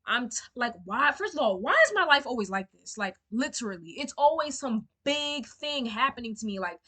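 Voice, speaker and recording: A woman's voice: fairly high pitch, expressive, normal speed, bright, forceful tone. A young woman telling a storytime to camera, emotional and indignant, swearing freely and using lots of fillers. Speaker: storyteller vlogger.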